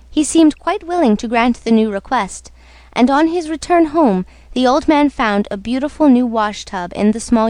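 A woman narrating a storybook on radio in a slow, measured way. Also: on the high side, a little mellow, no room sound. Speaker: story reader.

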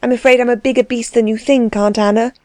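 A spirited young girl, defiant and quick to own up, pours out her words in a breathless, tumbling rush, as a woman reads her for a storybook. The voice sits well above the reader's own and stays mellow and soft-edged. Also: on the high side, fairly even intonation, no room sound, voice pushed up, lightly acted.

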